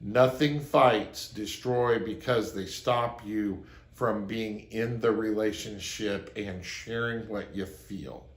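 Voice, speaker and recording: A man's voice: fairly low pitch, takes it slowly. Earnest man giving relationship advice, roomy sound. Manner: earnest, anecdotal, acts out quoted lines. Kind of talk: advice monologue to camera.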